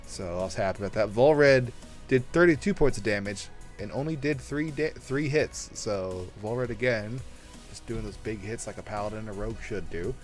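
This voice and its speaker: A man's voice: on the low side, normal speed, faint music behind. A man hosting a casual podcast chat, teasing his guest and laughing often. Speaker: host.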